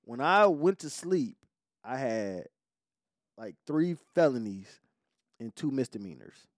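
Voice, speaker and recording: Give me an animated male podcast host telling a raw story, dry and close. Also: medium pitch, slow pace, no room sound. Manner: animated, profane storytelling with shifting voices. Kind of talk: casual storytelling chat.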